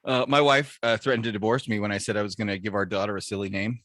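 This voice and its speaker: A man in his forties, a podcast co-host, telling puns and jokes in deadpan style and laughing at his own lines. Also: fairly low pitch, fast talker, dry recording, studio quality. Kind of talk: casual joke-telling banter.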